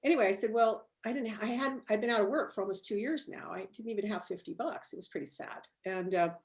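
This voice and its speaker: A woman's voice: medium pitch, fast. A middle-aged woman telling her story as an interview guest, rambling with fillers and restarts and laughing often.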